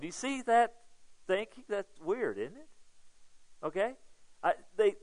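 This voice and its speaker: A man preaching a sermon to his congregation, talking it through like a conversation, checking in with "okay?" and swelling louder on key points. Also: sits high, animated, a little slow, long pauses, poor audio. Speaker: pastor.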